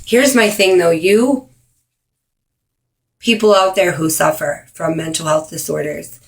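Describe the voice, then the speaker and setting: A woman talking straight to camera in an earnest personal video, with many ums and pauses for emphasis. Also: low voice, creaky, a bit bright. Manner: earnest, frequent ums, speeds up and slows down for emphasis. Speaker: vlogger. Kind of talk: earnest direct-to-camera awareness talk.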